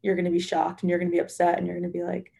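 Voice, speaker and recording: Gravelly young woman, earnest and chatty. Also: lowish voice, completely flat delivery, rapid-fire, mellow. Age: 20s. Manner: earnest, heavy use of "like". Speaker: nursing student guest. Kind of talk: casual podcast chat.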